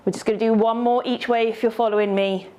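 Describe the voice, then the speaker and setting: A woman's voice: fairly high pitch, steady tone, quick pace, dark tone. A woman teaching a yoga class, cueing poses step by step in an encouraging way and slightly out of breath.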